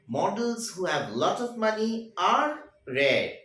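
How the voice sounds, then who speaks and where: A male teacher reads and explains a story, his pitch moving up and down a lot. His voice rings in a roomy, echoey space. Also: sing-song, a little slow, fairly bright tone. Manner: paraphrases each passage in simple words. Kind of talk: reading and explaining a story for a class. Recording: roomy echo.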